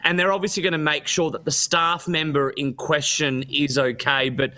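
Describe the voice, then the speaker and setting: A man's voice: on the high side, level tone, normal speed, sharp tone. A man hosting a radio talk show in an easygoing, conversational way.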